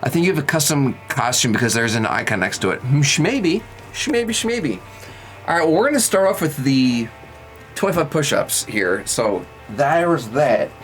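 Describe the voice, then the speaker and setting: Lively, playful male streamer. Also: medium pitch, normal speed, faint music behind, low-quality recording. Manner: playful, joking with chat, counting out exercise reps. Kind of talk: casual live-stream chat.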